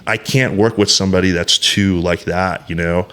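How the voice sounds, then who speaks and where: A low-voiced man in his thirties speaks as a podcast guest, opening up bluntly and swearing freely. He talks in emphatic bursts, circling back with restarts and fillers. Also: fairly even intonation, moderate pace, fairly bright tone, clear, resonant tone. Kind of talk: candid podcast conversation.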